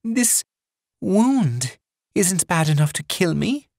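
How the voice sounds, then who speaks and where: A man's voice: sits high, fairly even intonation, drawn-out words, no echo, clean studio sound, pitched above the performer's own voice. A man voicing a frightened, wounded woman who pleads and gasps. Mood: terrified pleading. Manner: pleading, gasping. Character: terrified wounded woman begging for help.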